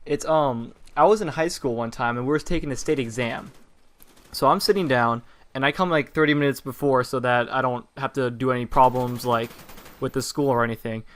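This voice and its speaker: A teenage boy recounts a story for his channel, his voice sitting at an ordinary middle pitch. He rambles casually, restarting sentences and filling gaps with "uh" and "like.". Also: a little fast, a bit bright. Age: teens. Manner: rambling, with frequent fillers and restarts. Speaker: vlogger telling personal stories.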